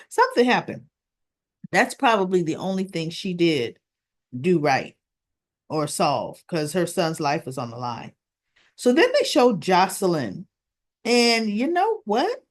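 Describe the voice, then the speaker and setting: A woman casually recapping a soap opera episode, retelling the scenes line by line with lots of "she goes" and "right?". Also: medium pitch.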